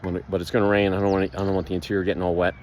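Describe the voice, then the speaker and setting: A man talking casually while walking outside, rambling with lots of fillers and animated outbursts, recorded on a phone. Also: sits low, very fast, muffled recording, a little hiss or hum. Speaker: vlogger, builder. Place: outdoors, walking past a pool.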